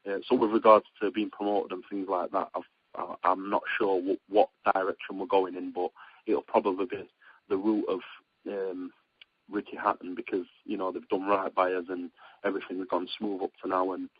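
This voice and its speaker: The audio is dull and lo-fi with no echo, like a radio-line interview, as a young British boxer answers questions casually over the phone. His voice is husky and slightly low, his pace moderate, and he rambles with many ums and restarts, getting excitable when he tells stories.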